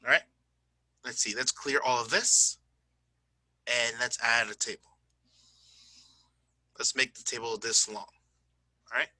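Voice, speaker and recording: Man teaching a grammar lesson, bright tone. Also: mid-range voice, fairly even intonation, a little slow, long pauses, no room sound, poor audio. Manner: explaining step by step, checks in with "okay?" and "right?"; self-correcting, says "my bad". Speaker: English teacher. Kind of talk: screen-recorded grammar lesson.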